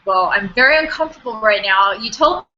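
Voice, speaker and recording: A woman's voice: fairly high pitch, lively intonation, fairly quick, pushed and bright, dull audio, slight background noise. Chatty giggly woman guest. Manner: giggly and chatty, says "like" a lot. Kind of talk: casual chat.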